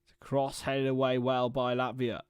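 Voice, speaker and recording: Young man, casual football watchalong commentary, chatty tangents, middle pitch, dry close sound. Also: completely flat delivery, moderate pace, clear, resonant tone, no echo. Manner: chatty, rambling asides between play-by-play.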